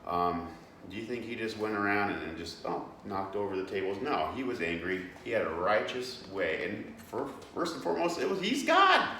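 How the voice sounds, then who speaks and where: A man's voice: on the low side, big pitch swings, moderate pace, sharp tone, distant mic. A young man giving a casual devotional talk as host, earnest and plain-spoken, with many fillers and restarts. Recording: echoey room, away from the mic, faint background noise.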